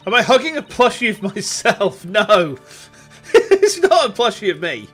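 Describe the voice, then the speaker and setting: Animated streamer chatting over gameplay; bright, very lively delivery. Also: mid-range voice, unhurried, soft background music. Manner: animated, chatty, swears freely. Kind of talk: casual game commentary.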